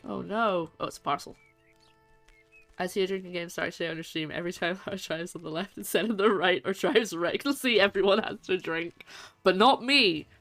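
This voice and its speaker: A woman's voice: fairly low pitch, brisk, a bit bright. A woman casually chatting with her viewers as she plays a game, joking at her own expense. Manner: chatty, self-mocking, talks to chat while playing. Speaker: streamer. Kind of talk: casual let's-play commentary. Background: faint game music.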